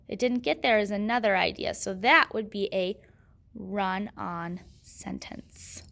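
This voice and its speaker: A woman's voice: medium pitch, creaky, a bit bright. A woman teaching a grammar lesson, patiently asking questions and answering them herself.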